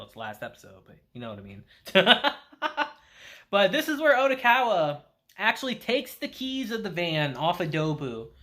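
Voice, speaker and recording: A man reviewing an anime, casually recapping the episode and acting out the characters' quotes. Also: high voice. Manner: animated storytelling with acted-out quotes.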